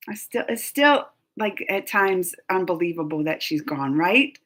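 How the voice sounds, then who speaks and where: A woman's voice: fairly low pitch, normal speed, vocal fry, few pauses, a bit bright. A woman hosting a casual live chat, rambling and laughing often as she answers her viewers. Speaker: livestream host reading chat.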